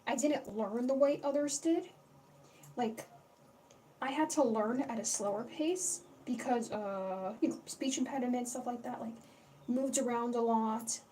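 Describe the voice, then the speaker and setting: Her voice is fairly high-pitched but dark in tone, and she takes an unhurried pace. This young woman is hosting a laid-back livestream, chatting and rambling, swearing without restraint and greeting viewers in chat. It's recorded on a far-off mic with slight background noise.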